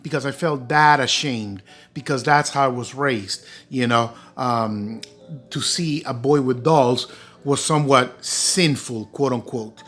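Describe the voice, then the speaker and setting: A man's voice: mid-range voice, a little slow, a bit bright, soft background music. A man vlogging to a phone, telling a personal story in an earnest, rambling way full of fillers. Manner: earnest, rambling, heavy with "you know" and "um". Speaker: doll collector vlogger.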